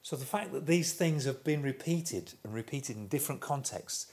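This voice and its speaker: A man with a mid-pitched voice preaching a reflective sermon. He talks in a thoughtful, unhurried way, pausing to search for words, then lifts his voice when he reads scripture aloud. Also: lively intonation, darkish tone, slight background noise.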